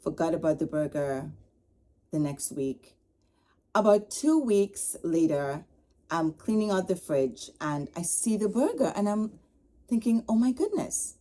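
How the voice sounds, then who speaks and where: A middle-aged woman telling a casual story as a podcast host, animated, acting out the dialogue she quotes. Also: fairly low pitch, measured pace. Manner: animated, retells her upset with quoted dialogue.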